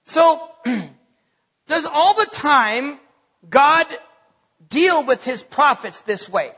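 A man preaching a sermon in a church on a stage microphone, animated and joking, asking the congregation questions. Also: very high voice, drawn-out words, dull audio. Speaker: pastor.

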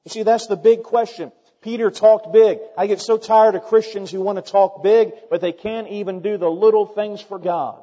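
A man preaching a sermon, emphatic and building to loud, repeated questions. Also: high voice, fairly even intonation, moderate pace, few pauses. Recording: dull long hall reverb.

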